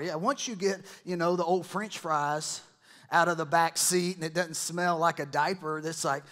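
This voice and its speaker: A man's voice: high voice, normal speed, a bit bright. A man preaching a sermon as a pastor in a church, talking to the congregation in a conversational way and acting out quotes from other people.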